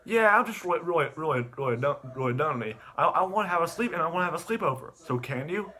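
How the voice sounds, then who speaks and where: Guy doing a high whiny little kid voice, begging and stammering. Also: animated, quick pace, pushed and bright. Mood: whiny pleading. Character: childish whiny boy with big wants.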